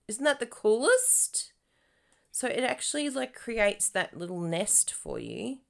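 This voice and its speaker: Bubbly, giggly woman with a lively voice. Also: on the high side, a little slow, vocal fry. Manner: bubbly and giggly, with squealed exclamations. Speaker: papercraft demonstrator hosting a live stream. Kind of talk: casual live craft tutorial.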